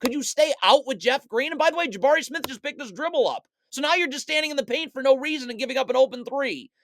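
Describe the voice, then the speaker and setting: A basketball analyst narrating a video film breakdown, sarcastic and mock-exasperated, talking straight at the players and swinging between low mutters and loud outbursts. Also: expressive, fast talker, a little hiss or hum. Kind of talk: video breakdown commentary over game footage.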